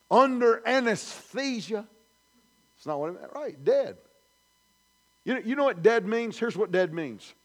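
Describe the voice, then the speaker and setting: A male pastor preaching a sermon in a church, emphatic and repetitive, building his points through repeated declarations. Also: high voice. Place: church sanctuary.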